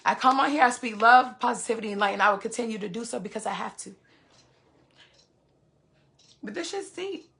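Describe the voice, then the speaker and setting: A woman's voice: on the high side, animated, brisk, gravelly, pauses often, a bit bright. A woman vlogger venting to her viewers in heated casual talk, cursing freely and repeating phrases for emphasis.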